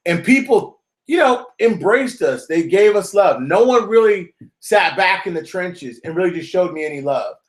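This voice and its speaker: A man hosting a live stream, chatting casually and talking straight to his viewers in lively slang. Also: high-pitched, normal speed, reverberant. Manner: animated, slangy, addresses viewers directly. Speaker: host of a live-streamed channel.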